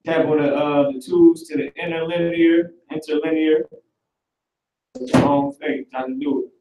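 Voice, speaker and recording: A talkative male teacher leading a casual online class, narrating each step as he clicks through. His voice sits slightly high, and the recording is roomy and set back from the mic. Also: moderate pace, vocal fry, recorded from a distance, a little hiss or hum. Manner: animated, talkative, works through the screen aloud.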